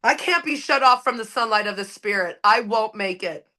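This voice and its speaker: A woman's voice: on the high side, lively intonation, normal speed, bright, forceful tone. A woman speaking at a recovery meeting, giving an impassioned, preachy share with blunt, profane emphasis. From Canada. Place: recorded at an online meeting.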